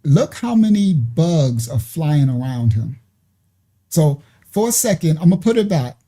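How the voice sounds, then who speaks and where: A man with a fairly high but very dark, mellow voice talks casually to his audience. He chats and hesitates his way through a reaction video, addressing the viewers as "y'all.". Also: very animated, measured pace.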